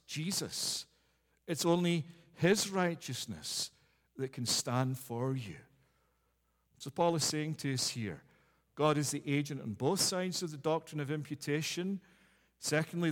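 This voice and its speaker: A male pastor with a notably high voice delivers an earnest communion sermon, returning again and again to key phrases for emphasis. His voice carries a long reverb from the church hall.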